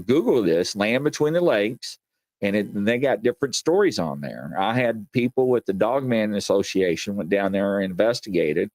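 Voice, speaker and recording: A Kentucky man hosts a paranormal talk show, rambling through folksy, meandering stories and speaking straight to his audience. His voice is fairly low with a darkish tone, recorded dry.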